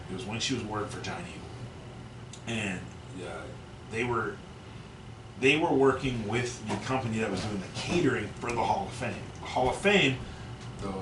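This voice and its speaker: Rambling, cussing man in an echoey room. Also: on the low side. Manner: rambling, profane, self-interrupting. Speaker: podcast co-host. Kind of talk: casual storytelling. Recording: echoey, distant, noisy room mic.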